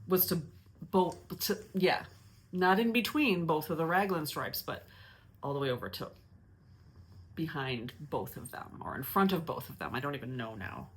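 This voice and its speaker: Woman host, low-ish voice, casual self-mocking chatter with frequent restarts. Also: a bit bright. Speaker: knitting podcast host. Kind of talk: casual chat.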